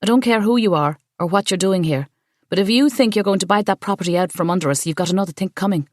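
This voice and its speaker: A woman voicing a quick-tempered, protective young woman who speaks in sharp, blunt retorts. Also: medium pitch, dry recording, clean studio sound, close to an everyday voice. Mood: defiant.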